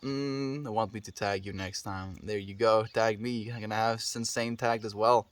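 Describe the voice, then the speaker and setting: Soft-spoken South African man streaming. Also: lowish voice, fairly even intonation, moderate pace, dry recording. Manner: gentle, affectionate, reads out and answers chat messages. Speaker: livestreamer. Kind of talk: casual live-stream chat with viewers.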